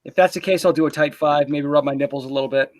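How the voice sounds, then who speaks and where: Brief: male host, slightly high voice, dry close mic, offhand and joking. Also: fairly even intonation, fast, no room sound. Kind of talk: casual live-stream interview.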